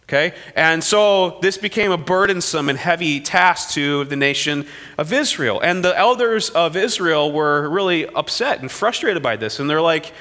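High bright-voiced preacher in a hall. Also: male voice, normal speed. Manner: animated storytelling, acting out quoted figures. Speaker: pastor. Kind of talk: sermon.

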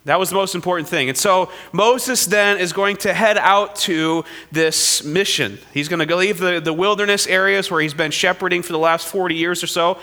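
A man preaching a sermon, retelling the story with animated delivery and voices for the people he quotes. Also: sits high, long reverb tail. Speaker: pastor.

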